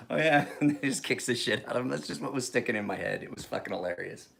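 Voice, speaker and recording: A man's voice: mid-range voice, animated, quick pace, vocal fry. A man in his forties rambling casually to camera, swearing freely and chuckling as he tells stories. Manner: profane, chuckling, rambling storyteller. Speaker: knife sharpener vlogger.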